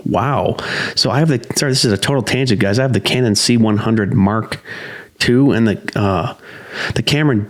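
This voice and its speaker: A man's voice: fairly low pitch, moderate pace. A man co-hosting a casual podcast who rambles, goes off on tangents and laughs mid-sentence. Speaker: podcast co-host.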